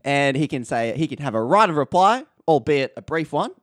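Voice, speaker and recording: A man's voice: on the high side, very animated, brisk, no echo, clean studio sound. A man co-hosting a casual podcast, playfully quizzing the guest. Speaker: podcast co-host.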